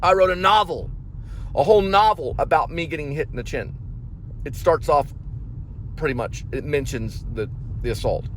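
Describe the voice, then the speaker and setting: A man's voice: a little high, moderate pace, long pauses, slight background noise. Angry rambling man ranting from a car. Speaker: vlogger, delivery driver. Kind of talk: casual ranting monologue while driving.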